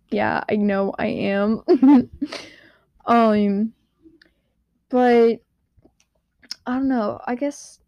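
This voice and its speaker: A teenage girl hosting her own podcast in a quiet room at home, rambling and giggling at herself. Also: fairly high pitch, dry recording, muffled recording. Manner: rambling, giggly, self-deprecating. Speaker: podcast host. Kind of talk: casual solo podcast chat.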